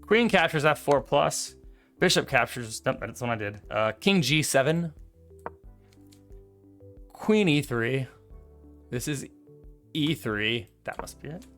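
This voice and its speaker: A man's voice: mid-range voice, expressive, slow pace, pauses often, fairly bright tone, faint music behind. A man casually calling out chess moves while replaying a game, joking, laughing often and swearing. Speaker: co-host reviewing his chess game. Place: streaming setup.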